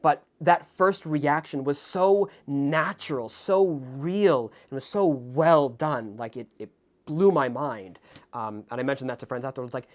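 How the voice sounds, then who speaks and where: A man hosting his own film review video, talking to camera in a reflective, halting way with many fillers and restarts, earnest and openly moved. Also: mid-range voice. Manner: ornate formal sign-off. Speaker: film review channel host. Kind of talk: casual spoken film commentary to camera. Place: indoors in front of a camera.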